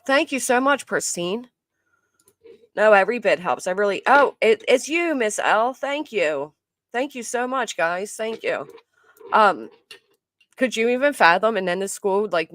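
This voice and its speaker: A woman streaming live commentary, her voice sitting at an ordinary middle pitch. She swings between outraged exclamations and low muttering. The close mic sounds dry, with no room at all. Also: a bit bright, dry recording.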